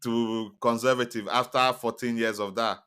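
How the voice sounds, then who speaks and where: A young man co-hosting a casual podcast chat, relaxed, with stammering restarts. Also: medium pitch, moderate pace, clean tone. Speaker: podcast co-host.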